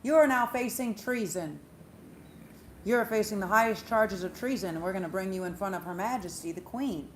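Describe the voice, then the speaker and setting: A woman voicing a stern royal court officer loudly charging someone with treason. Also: medium pitch, moderate pace, slight background noise, close to an everyday voice. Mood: accusing.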